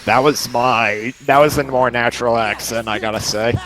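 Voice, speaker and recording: A man's voice: mid-range voice, fairly even intonation, moderate pace, fairly bright tone, faint music behind. A man hosting a let's play, chatting casually and rambling through long lists of details. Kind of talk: casual chat over gameplay.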